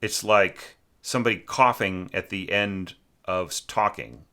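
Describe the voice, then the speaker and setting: A man's voice: low-pitched, unhurried, bright, forceful tone, clear, resonant tone. A man teaching orchestration, talking through a student's score in a loose, chatty way, with many fillers and snatches of sung phrases. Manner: chatty, full of fillers, sings phrases to illustrate. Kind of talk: informal spoken critique of a score.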